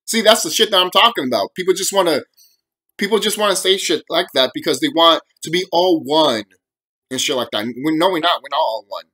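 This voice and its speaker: Young man, vlogger, cursing rant, raised voice, sharp bright tone. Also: on the high side, expressive, brisk. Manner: profane, heated, repetitive. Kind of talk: ranting monologue to camera.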